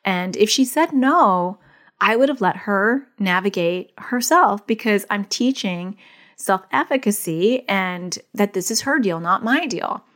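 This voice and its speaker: A woman's voice: mid-range voice, lively intonation, unhurried, a bit bright. A woman who is a therapist and a parent, talking in an earnest, chatty way with lots of "like" fillers as she gives advice. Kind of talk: casual advice monologue.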